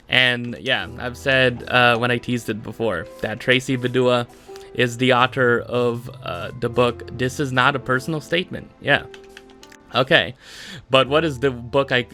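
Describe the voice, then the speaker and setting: A man's voice: medium pitch, sharp tone. A man hosting a casual solo podcast, rambling with lots of filler words, laughing often and joking at his own expense. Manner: self-deprecating joking. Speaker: podcast host.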